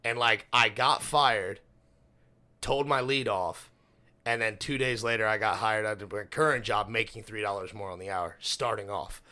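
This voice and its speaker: A man's voice: lowish voice, moderate pace, bright, forceful tone. A young man co-hosting a podcast, telling a long workplace story in casual chat, swearing constantly. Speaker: podcast co-host.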